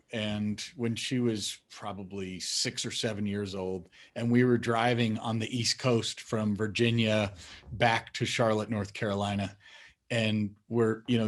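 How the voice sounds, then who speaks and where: An unhurried man tells a story from his family life for a documentary. He talks slowly and stays lively, ready to mimic his children. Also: fairly low pitch. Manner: animated, acts out his kids' voices. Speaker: father telling a family story.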